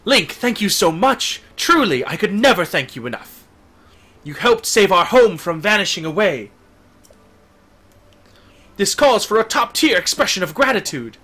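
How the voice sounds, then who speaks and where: A man's voice: high-pitched, sing-song, a little slow, long pauses, sharp tone, exaggerated voice. A man putting on an exuberant young fish-folk prince. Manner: enthusiastic, emphatic.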